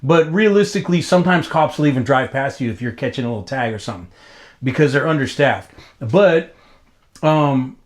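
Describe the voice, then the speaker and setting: A man in his fifties from Los Angeles, telling stories in a casual interview, profane and slangy, rambling with restarts and jumping up in pitch when excited. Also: brisk. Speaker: graffiti writer being interviewed.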